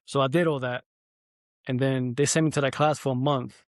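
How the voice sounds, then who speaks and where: A young man hosting a podcast, telling an animated, profanity-heavy story in casual chat. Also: mid-range voice, moderate pace, no echo. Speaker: podcast host.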